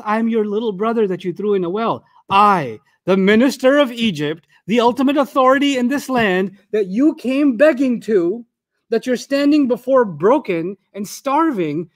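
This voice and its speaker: Give me an animated, joking middle-aged male lecturer with a fairly high voice. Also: no room sound, studio quality. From Pakistan. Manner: animated, humorous, conversational. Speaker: Quran lecturer. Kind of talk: storytelling sermon lecture.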